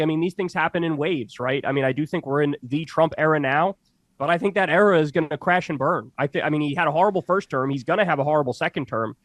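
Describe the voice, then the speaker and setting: A man's voice: on the high side, no room sound. A man speaking as a political commentator in an interview clip, urging his point with emphatic repetition. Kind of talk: interview answer.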